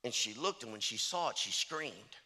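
A man's voice: medium pitch, expressive, normal speed, pushed and bright. A middle-aged man, a traveling preacher, telling folksy stories in a sermon and often repeating "I said" and "he said". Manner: chatty, storytelling, repeats "I said" and "he said".

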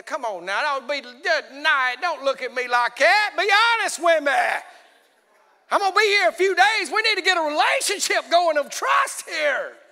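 A man preaching a folksy, animated sermon as an evangelist, swinging between quiet storytelling and shouting. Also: high voice. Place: church. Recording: echoey church hall.

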